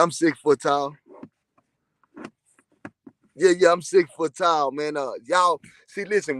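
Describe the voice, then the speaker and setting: A man's voice: a little high, a bit bright, no echo. A man from Texas, telling prison stories in a profane, boastful, rambling way. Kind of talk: casual livestream chat.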